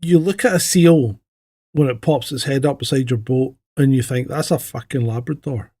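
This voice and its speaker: A man's voice: mid-range voice, normal speed, dark tone, no room sound, clean studio sound. A man hosting a casual podcast chat, blunt and swearing freely as he tells jokes. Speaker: host, retired police sergeant.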